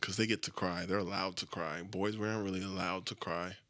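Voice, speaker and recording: Young man, low voice, dry close sound, crude rambling podcast talk. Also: little pitch movement, a little fast, fairly bright tone, no echo. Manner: crude, self-deprecating and rambling, with frequent swearing. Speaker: podcast host. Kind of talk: casual solo podcast monologue.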